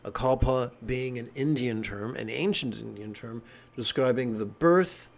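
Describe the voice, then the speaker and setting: Man giving an animated dharma talk. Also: medium pitch, measured pace, creaky. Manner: animated, joking asides. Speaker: meditation teacher.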